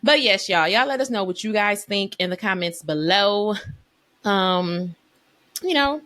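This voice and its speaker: A woman co-hosting a faith podcast, chatting casually in an animated, emotional way. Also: mid-range voice, measured pace. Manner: animated, emotional storyteller, Southern US dialect forms. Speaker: podcast co-host. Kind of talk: casual chat.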